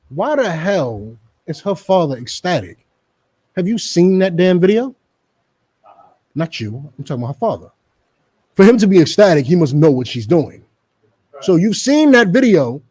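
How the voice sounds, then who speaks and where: A man's voice: high voice, very animated, moderate pace, darkish tone, slightly rough. A middle-aged man giving emphatic, repetitive, lecturing commentary in a preaching style, addressing the people around him by name. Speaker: religious group speaker on a radio show.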